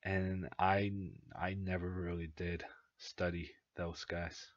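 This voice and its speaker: A man's voice: sits low, flat delivery, takes it slowly, no room sound, highs cut off. A young Norwegian man whose first language is Norwegian, casually commentating chess on a stream, thinking aloud with plenty of uhs and ums. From Norway. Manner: hesitant, thinking aloud with many fillers.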